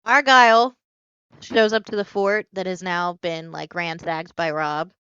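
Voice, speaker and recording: A woman's voice: on the low side, fairly even intonation, measured pace, a bit bright, smooth, dry recording, dull audio. A woman co-hosting a podcast, casually recapping a plot in a rambling way with lots of fillers. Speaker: podcast co-host. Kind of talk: casual chat.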